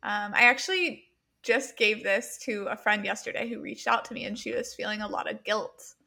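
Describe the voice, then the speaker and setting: Bright, gravelly-voiced woman coach. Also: medium pitch, steady tone, moderate pace. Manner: earnest and reflective, many ums and likes. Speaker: mindset coach, podcast guest. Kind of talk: casual chat.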